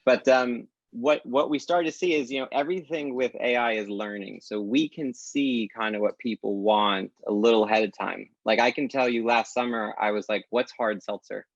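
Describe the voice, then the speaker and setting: A man speaking as a guest in a casual podcast conversation, telling stories lively and acting out quoted dialogue. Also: mid-range voice, normal speed, hardly any pauses, no echo. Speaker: guest, tech company founder. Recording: dull lo-fi dry sound.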